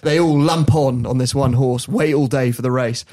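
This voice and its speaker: A man's voice: medium pitch, moderate pace. Laughing storyteller man. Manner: animated, laughs while telling stories. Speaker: podcast host. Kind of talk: storytelling in casual chat.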